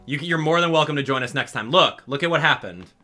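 A man hosting a gaming channel, talking straight to his viewers in an exasperated, animated way during live game commentary. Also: on the high side, fast talker, soft background music.

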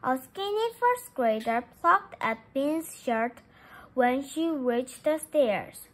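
Lady reading a kids' chapter book out loud, high bright voice, takes her time. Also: slow. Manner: lively, expressive read-aloud with small slips. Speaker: storybook reader.

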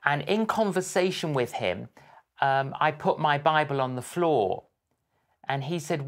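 Unhurried older male interview host. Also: a little high. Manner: measured, halting, with frequent fillers. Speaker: host, evangelist. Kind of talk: interview conversation.

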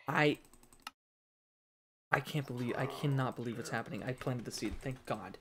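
In a mid-range, slightly bright voice, a man narrates a let's play from home late at night, muttering in frustration as he plays. He keeps a moderate pace but pauses often, and keyboard clicks come through the noisy recording.

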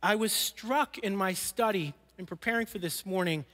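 A man preaching from the pulpit of a church, his voice sitting notably high for a man. He speaks earnestly and sinks into quiet, slowed lines when he wants a point to land. The sound rings out with a long hall reverb. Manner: earnest, drops soft and slow for emphasis. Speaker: pastor. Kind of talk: sermon. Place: church sanctuary.

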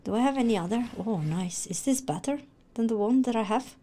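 A woman streaming a video game, reacting excitably with shouts and swearing. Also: fairly high pitch, fairly quick, slight background noise. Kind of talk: live gameplay reaction.

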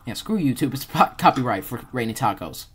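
A woman giving rambling, excitable gameplay commentary as a channel host, with sudden loud outbursts and swearing. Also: very deep voice, brisk, rough recording.

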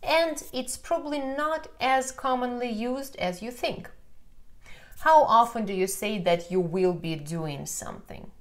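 A woman's voice: a little high, measured pace. Russian-accented woman teaching grammar. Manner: patient explaining, frequent checking "да?". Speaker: language teacher. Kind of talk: online grammar lesson.

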